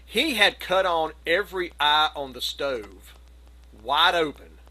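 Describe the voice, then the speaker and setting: A middle-aged man spins a rambling anecdote over a video call, lively and conversational, now and then putting on other people's voices. His voice sits a bit high for a man and rings bright and forward. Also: slow, rough recording. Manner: animated anecdote, acts out quoted voices. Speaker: community gathering participant. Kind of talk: casual storytelling.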